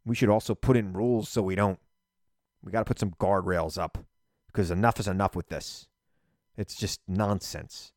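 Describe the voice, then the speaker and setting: A man hosting a political podcast, talking in an animated, emphatic solo monologue and repeating phrases for punch. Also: low voice, moderate pace, dry recording, studio quality.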